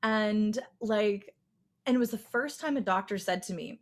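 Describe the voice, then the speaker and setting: A woman's voice: mid-range voice, moderate pace. A young woman from the United States, speaking in an ordinary middle register. She talks openly and at length on a casual panel discussion, stringing thoughts together with "like" and "right?". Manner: candid, talkative, many "like" and "right?" tags. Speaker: panelist, vocal coach.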